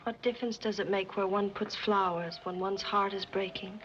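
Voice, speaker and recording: A woman's voice: fairly high pitch, a little fast, fairly bright tone, natural voice. A young actress playing a spoiled, lovesick rich girl who pouts and talks dramatically in a 1930s film comedy. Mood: melodramatic. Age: young adult. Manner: pouting, dramatic. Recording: muffled 1930s film soundtrack with music.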